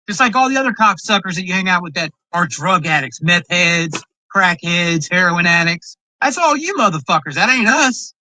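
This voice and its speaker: Reacting to a video in heated commentary, a man with a high, bright, cutting voice rips into a rival, boastful and profane. The rough recording is dry and close, with no echo and almost no room sound.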